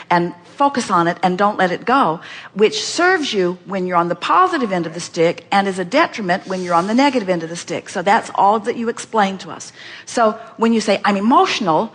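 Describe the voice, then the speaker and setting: A woman gives inspirational teaching at a live question-and-answer seminar, speaking at a middling pitch. She talks emphatically, repeats her points and acts out the thoughts she quotes. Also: breathy edge.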